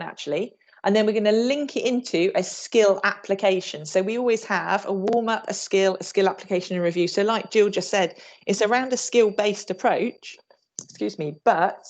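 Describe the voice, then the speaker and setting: A woman's voice: mid-range voice, a little mellow, muffled recording. Upbeat woman leading a PE workshop. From England. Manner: upbeat, demonstrates moves while talking. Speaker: PE trainer leading a teacher workshop. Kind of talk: online training presentation. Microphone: video call.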